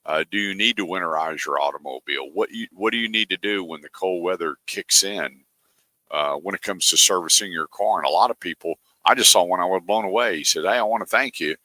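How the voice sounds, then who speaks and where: A deep-voiced man hosts a car radio show, spinning folksy stories and voicing callers' lines. His voice is bright and forward, recorded dry and close in a studio. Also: brisk, no room sound. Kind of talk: casual radio talk with ad reads.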